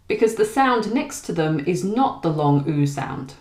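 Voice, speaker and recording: A woman with a southern British accent teaches pronunciation in a clear, deliberate way. Her voice sits low. The recording carries a noticeable room echo. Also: sing-song, a little mellow. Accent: southern British English. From Britain. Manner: clear, deliberate, contrasts words slowly. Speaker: English teacher. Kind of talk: scripted pronunciation lesson. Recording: echoey room.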